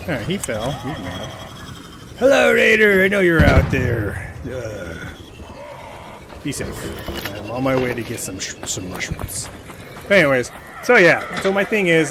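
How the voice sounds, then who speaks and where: A man live-streaming a game, chatting with viewers and shouting and yelping at the action. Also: medium pitch. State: slightly dry throat. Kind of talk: casual chat while playing a game live. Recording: loud game noise behind.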